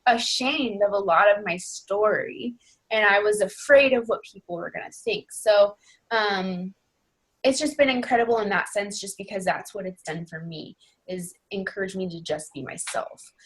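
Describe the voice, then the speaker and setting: A woman's voice: mid-range voice, moderate pace. Earnest young woman coaching her team. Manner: earnest, rambling, heavy on fillers like "you know" and "like". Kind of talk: casual team call talk.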